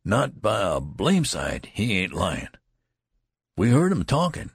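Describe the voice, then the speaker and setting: A man voicing an eager young male soldier in an audiobook, talking in urgent, breathless shouts. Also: fairly low pitch, huge pitch swings, slow pace, husky, no room sound, studio quality, voice pushed up, full character voice. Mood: excited.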